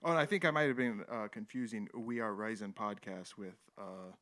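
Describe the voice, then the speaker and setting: With a fairly bright voice on the low side, a man talks briskly while hosting a live stream. He chuckles often as he rambles irreverently over old footage and reads the chat out loud.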